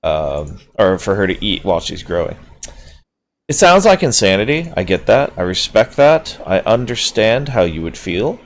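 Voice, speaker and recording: A man's voice: on the low side, sing-song, normal speed, a little hiss or hum. A man hosting a let's-play, commenting on his game in a rambling, self-amused way with casual swearing, sleepy after just waking up. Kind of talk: gameplay commentary.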